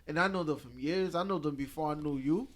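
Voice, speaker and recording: A man's voice: fairly high pitch, quick pace. A man co-hosting a casual podcast chat, talking bluntly with lots of swearing and repeated words. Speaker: podcast co-host.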